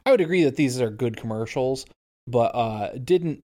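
A man co-hosting a podcast in casual chat, measured and agreeable, hedging his opinions. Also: medium pitch, lively intonation, warm tone. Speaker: podcast co-host.

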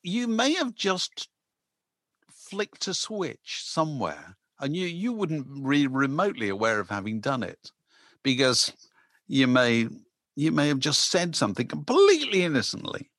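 A man's voice: on the high side, big pitch swings, unhurried, a bit bright, dry recording. Male podcast co-host, rambling casual record talk, dry close-mic sound. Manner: rambling, restarts, many asides. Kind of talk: casual chat about records.

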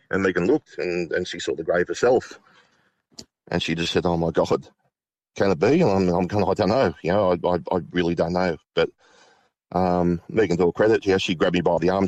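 Deep-voiced man telling a ghost story. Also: dry recording. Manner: halting, many restarts and fillers. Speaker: guest.

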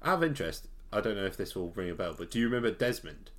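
A man's voice: fairly low pitch, big pitch swings, rapid-fire, fairly bright tone. A man co-hosting a casual podcast chat, steering the talk with questions in an easygoing way. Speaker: podcast co-host.

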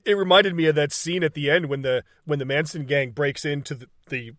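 A man's voice: a little high, a little fast, fairly bright tone, no echo, studio quality. A man casually recapping a movie scene by scene, swearing freely, laughing often and acting out lines from the film. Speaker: podcast co-host.

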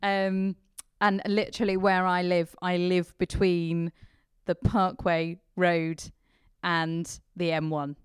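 A woman's voice: on the low side, level tone, slow pace, clear, resonant tone, no echo, studio quality. A woman vicar with a mixed English accent, with traces of Kent and Yorkshire, chatting as a podcast guest and laughing often. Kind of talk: casual interview chat.

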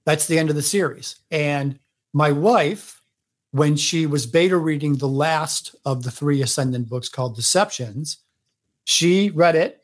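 A man's voice: fairly high pitch, measured pace. A man talking as a podcast guest in casual chat, telling long rambling stories and acting out what others said.

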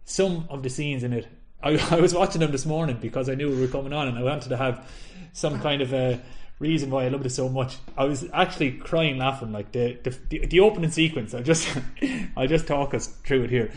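A man's voice: medium pitch, a little fast, few pauses. A man in his thirties co-hosting a podcast, talking enthusiastically and laughing often as he retells a comedy film. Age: 30s. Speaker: podcast co-host. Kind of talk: casual chat.

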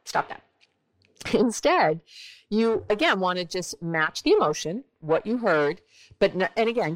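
Animated woman therapist giving relationship advice. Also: low-quality recording. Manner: animated, acts out quoted dialogue with big pitch jumps. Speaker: therapist hosting a relationship podcast. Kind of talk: relationship advice podcast talk.

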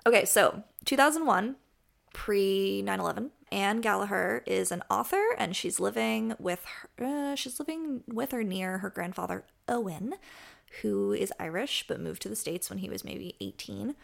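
A woman's voice: mid-range voice, normal speed, gravelly. A woman co-hosting a podcast, chatting casually about romance books in a chatty, self-deprecating way. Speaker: podcast co-host. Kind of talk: casual book chat.

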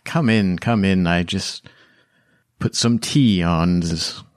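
A man's voice: deep voice, takes it slowly, no echo, clean studio sound. A man voicing a wealthy seventy-year-old widow who is guarded but polite, stumbling over her words as she talks. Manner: hesitant, restarts mid-sentence.

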